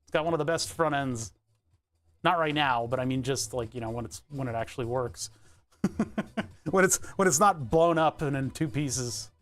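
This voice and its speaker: A man's voice: mid-range voice, moderate pace, a bit bright. A nasal-voiced American man rambling casually to his live-stream viewers while he works, laughing often. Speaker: livestreamer.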